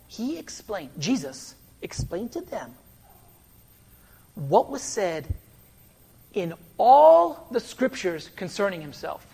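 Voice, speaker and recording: Breathy-voiced man preaching animatedly. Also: sits high. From West Virginia. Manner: animated storytelling, jumps between loud bursts and soft asides. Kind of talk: sermon.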